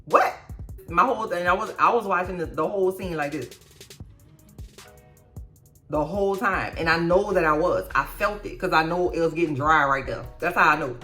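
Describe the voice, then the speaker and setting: A woman's voice: on the low side, normal speed, long pauses, pushed and bright, faint music behind. A woman hosting a casual show recap, blunt and profane, with mocking asides. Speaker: YouTube recap host. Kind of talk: casual reaction commentary.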